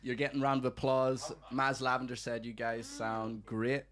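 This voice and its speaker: A man's voice: medium pitch, monotone, moderate pace, a bit bright. A man hosting a live-streamed music show, chatting playfully with viewers and laughing often. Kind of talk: lively chat with online viewers.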